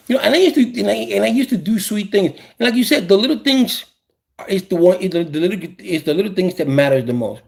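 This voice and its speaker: A man hosting a casual talk show, sharing opinions in an animated way and often repeating or restarting his phrases. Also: a little high, fairly quick, creaky. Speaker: podcast host.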